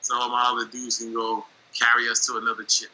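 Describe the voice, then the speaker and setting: A man's voice: medium pitch, monotone, fast talker, sharp tone, slight background noise, poor audio. A man co-hosting a sports talk show who pushes back with wry, teasing remarks. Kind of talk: casual sports debate.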